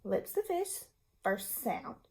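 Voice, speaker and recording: Patient woman teacher, slow and very expressive, walks kids and parents through reading steps. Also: fairly high pitch. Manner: slow, patient, demonstrative explanation. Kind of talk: reading lesson for young children and parents.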